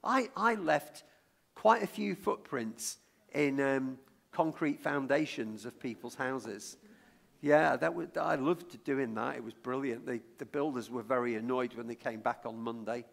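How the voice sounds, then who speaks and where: Gravelly-voiced preacher from Lancashire. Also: male voice, mid-range voice, unhurried, a bit bright. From Lancashire, England. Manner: conversational, stumbles and repeats words, draws the congregation in with questions. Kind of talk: sermon with a personal story.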